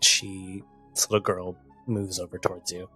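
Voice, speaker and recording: A man's voice: deep voice, flat delivery, moderate pace, bright, forceful tone, breathy edge, faint music behind. A man narrating a tabletop game as game master, loose and full of fillers.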